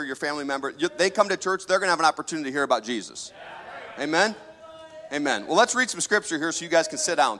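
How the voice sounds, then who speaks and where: A man's voice: fairly high pitch, a bit bright. A man preaching a sermon to a church congregation, talking in a loose, conversational way and often asking the crowd for an amen. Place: church sanctuary. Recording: hall reverb from a church.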